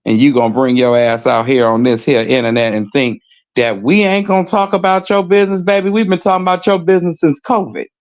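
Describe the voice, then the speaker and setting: A man co-hosting a casual gossip stream jokes bluntly in street slang and reads viewer comments aloud. His voice is a little high and brisk, with no echo.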